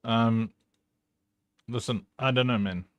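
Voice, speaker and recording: A man's voice: medium pitch, steady tone, slow pace. A man hosting a livestream, chatting casually in a rambling, joking way with lots of fillers. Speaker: livestream host.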